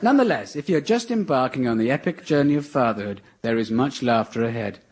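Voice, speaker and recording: A man's voice: medium pitch, expressive, fairly quick, breathy edge. Dry mock-earnest man lecturing. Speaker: comedy show host. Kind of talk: satirical radio comedy monologue.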